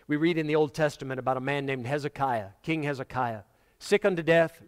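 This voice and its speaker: A man's voice: a little high, a little fast, clean tone. Man preaching in an echoing hall. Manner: dramatic storytelling, acting out quoted voices. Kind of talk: sermon. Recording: long hall reverb.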